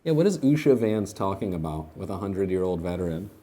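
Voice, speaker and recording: A man's voice: low voice, big pitch swings, fast, warm tone. A young man rambling and joking in a casual comedic monologue while feeding animals.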